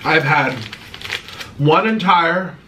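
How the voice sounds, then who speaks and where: Speaking extremely slowly, a man in his thirties chats while eating in a home video, answering viewers' questions in a theatrical, sarcastic manner with pitch swinging up and down. The mic is distant and the background is noisy.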